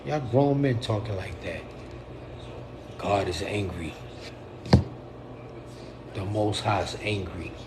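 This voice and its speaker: A man's voice: fairly low pitch, takes it slowly, long pauses, background noise. A middle-aged man talking straight to his livestream viewers in a blunt, profane, repetitive rant. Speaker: poet and livestreamer.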